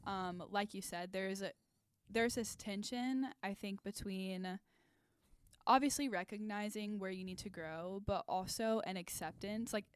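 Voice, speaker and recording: A woman co-hosting a podcast, asking gentle questions and answering in a thoughtful, measured way. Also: medium pitch, clear, resonant tone, no room sound. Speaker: podcast co-host. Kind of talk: candid podcast conversation.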